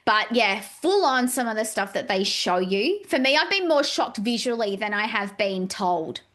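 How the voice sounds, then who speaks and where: An Australian woman who works as a psychic medium is a guest on a casual podcast, speaking at medium pitch and normal speed. She talks animatedly, acts out quoted dialogue, and uses a lot of "like" as filler.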